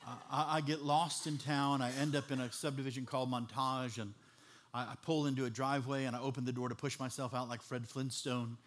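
A man's voice: mid-range voice, flat delivery, brisk. A man from Chicago preaching a personal testimony in a conversational, storytelling style, with humor and frequent fillers. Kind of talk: testimony sermon.

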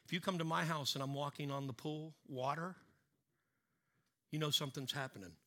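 Bright, forceful male preacher. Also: steady tone, fairly quick. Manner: dynamic preaching, swings from loud emphatic to low and hushed. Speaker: pastor. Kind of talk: sermon.

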